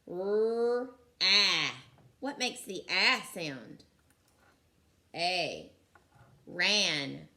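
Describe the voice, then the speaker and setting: Slow, bright-voiced woman teacher. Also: lowish voice. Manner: slow, clear sounding out of letters; encouraging. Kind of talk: recorded phonics lesson for young children.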